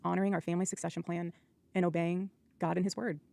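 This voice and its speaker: A woman's voice: on the low side, flat delivery, quick pace, gravelly, warm tone, no room sound. A woman speaking earnestly and defiantly in a faith-based question-and-answer session. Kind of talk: earnest personal testimony.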